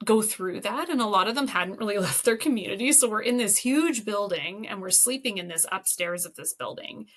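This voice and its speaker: A woman's voice: medium pitch, lively intonation, fairly quick, hardly any pauses, a bit bright. A woman educator, a guest on an interview podcast, telling anecdotes casually with lots of laughter and fillers.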